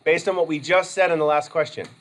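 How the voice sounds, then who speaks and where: A man's voice: a little high, fairly even intonation, quick pace, fairly bright tone, rough recording. A male instructor giving a casual, rambling classroom lecture, often interrupting himself mid-sentence. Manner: chatty, rambling, self-interrupting. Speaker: college instructor.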